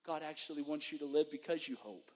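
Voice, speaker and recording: A man's voice: a little high, quick pace. Emphatic male preacher in an echoing church. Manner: emphatic, storytelling, animated. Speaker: guest preacher. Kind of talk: sermon and testimony. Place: church sanctuary. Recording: long reverb of a church hall.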